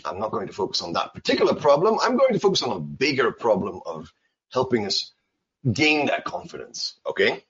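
Man, teacher giving a seminar, expressive husky voice, emphatic check-ins, dull lo-fi sound. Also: medium pitch, brisk. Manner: animated, emphatic, frequent checks like okay and right. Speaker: English teacher. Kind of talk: seminar talk. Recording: dull lo-fi recording.

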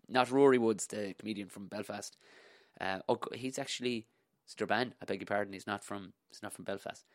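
A man's voice: on the low side, dry recording, clean studio sound. An Irish man hosting a podcast, rambling casually and swearing freely with a jokey manner. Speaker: podcast host.

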